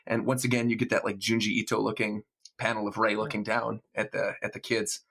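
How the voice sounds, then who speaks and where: A man's voice: fairly low pitch, flat delivery, a little fast, gravelly, a bit bright. A man on a podcast panel giving earnest, reflective commentary in casual chat, often saying "yeah" and "like".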